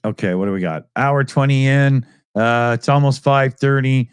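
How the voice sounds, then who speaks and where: A man's voice: mid-range voice, moderate pace, clear, resonant tone, dry recording. A Canadian man co-hosting a casual online chat show, rambling and joking with frequent laughs. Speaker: podcast co-host.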